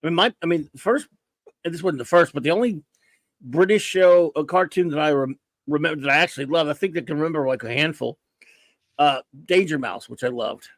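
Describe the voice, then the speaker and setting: A man's voice: fairly high pitch, fairly quick, no room sound. A man from the United States hosting a casual livestream chat over a video call, thinking aloud with many restarts. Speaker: host.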